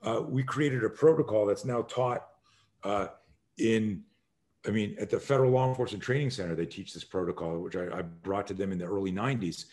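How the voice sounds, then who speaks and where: A man in his sixties, a self-defense instructor, telling stories in an energetic conversational way, acting out scenes with sudden shouted exclamations and frequent swearing. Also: fairly low pitch, fairly quick. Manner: energetic, emphatic, rambling explanations. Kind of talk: animated conversational storytelling.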